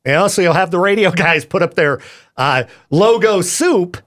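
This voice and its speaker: A man's voice: sits high, expressive, fairly bright tone. A man hosting a radio show, chatting casually and jokingly in a studio with a microphone. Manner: jokey, chatty, quick laughs. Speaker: radio DJ host.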